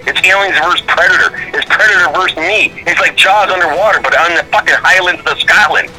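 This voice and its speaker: A man calling in by phone from outdoors by a fire, excitable and swearing, with loud outbursts. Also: high voice, quick pace, low-quality recording. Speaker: phone-in guest. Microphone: phone call.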